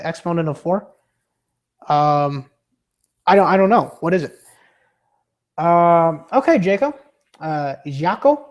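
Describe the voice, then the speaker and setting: Hesitant man streaming, still getting over illness. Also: fairly high pitch. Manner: rambling and hesitant, trips over his words. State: recovering from illness. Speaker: livestreamer. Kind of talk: casual livestream chat.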